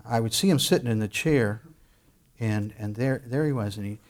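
A man's voice: medium pitch, moderate pace. A middle-aged man preaching a sermon as pastor, conversational and full of restarts, rising to bursts of emphasis.

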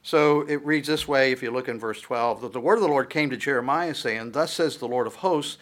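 A man at mid pitch delivering a sermon, retelling a scripture story in a conversational way with fillers and asides. He reads the verses aloud with building emphasis. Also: fairly quick. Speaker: preacher.

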